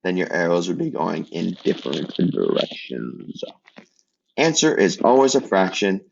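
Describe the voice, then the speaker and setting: Low gravelly man teaching math. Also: measured pace, highs cut off, slight background noise. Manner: relaxed, joking asides while working problems. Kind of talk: casual math lesson.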